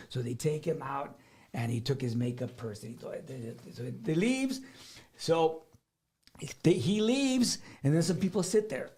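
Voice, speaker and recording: High-voiced dude telling a story, animated, laughs a lot. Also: male voice, unhurried. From South Texas. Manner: animated, laughing, repeats words. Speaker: guest musician. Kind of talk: casual storytelling.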